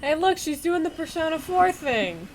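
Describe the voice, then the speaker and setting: A woman's voice: very high voice, big pitch swings, moderate pace, slight background noise. A woman co-hosting a let's play, chatty and teasing, laughing often. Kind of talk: casual gameplay commentary.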